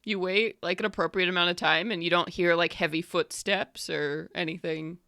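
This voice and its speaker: A woman's voice: on the low side, steady tone, normal speed, bright, forceful tone, no echo, clean studio sound. A woman narrating as game master for a tabletop game, describing scenes in a rambling way full of likes and uhs.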